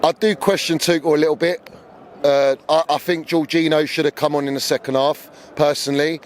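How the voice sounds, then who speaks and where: Blunt football fan, higher voice. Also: male voice, steady tone, brisk, background noise. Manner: blunt, opinionated, building to anger. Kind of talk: casual fan interview. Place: outdoors on a city street.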